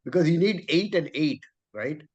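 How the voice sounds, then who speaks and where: Student guy asking polite questions, slightly higher voice. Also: lively intonation, moderate pace, darkish tone, slightly rough, highs cut off. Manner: polite, questioning, counts syllables carefully. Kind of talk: question in class.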